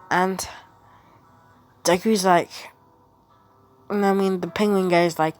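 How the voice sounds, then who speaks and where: A woman's voice: medium pitch, level tone, slow pace, long pauses, darkish tone, soft background music. A woman casually retelling a made-up story, rambling and stringing events with quoted lines.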